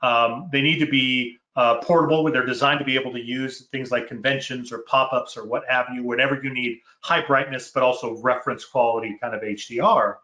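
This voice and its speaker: A man explaining technical design details in a casual chat, measured and full of fillers. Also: medium pitch, steady tone, bright, forceful tone, lo-fi sound. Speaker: product manager. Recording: roomy echo.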